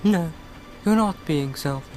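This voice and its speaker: A man voicing a gentle, grateful young princess from a video game, reading her lines in a raised, slowed voice. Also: expressive, faint music behind. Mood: earnest. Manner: raised pitch, slow, sweetly sincere.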